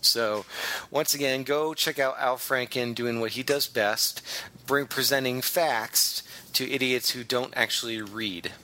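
Brief: man, podcast host, casual, bright tone, relaxed delivery over a call mic. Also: medium pitch, a little slow. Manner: laid-back, leads the segments, laughs often. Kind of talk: casual comedy podcast chat. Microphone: remote call mic.

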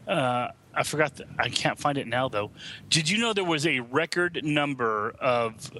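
A man's voice: medium pitch, animated, normal speed, bright, forceful tone, slight background noise. A man on a comedy podcast panel, speaking hesitantly while he searches for something.

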